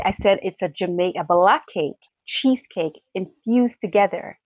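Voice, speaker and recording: A young woman chef telling her stories with lively animation, laughing as she goes. The sound is tinny and narrow like a phone call, and bone dry with no room around it. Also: mid-range voice, normal speed, no room sound. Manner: animated storytelling, laughs often. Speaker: pastry chef guest. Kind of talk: casual interview answers.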